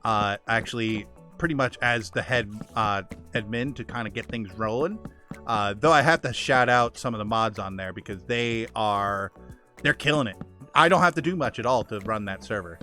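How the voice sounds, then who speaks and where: A man streams a game and chats casually in a bright, clear voice, starting sentences over as he thanks and praises his friends. Soft music plays faintly behind him. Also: lowish voice, normal speed. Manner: chatty, warm praise with restarts. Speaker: gaming streamer. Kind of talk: casual chat.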